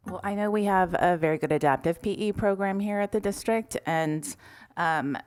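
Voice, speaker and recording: A woman with a somewhat low voice walks the board through policy updates. She explains plainly, pausing often with fillers. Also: a little mellow. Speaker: district administrator presenting policy. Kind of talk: public meeting presentation.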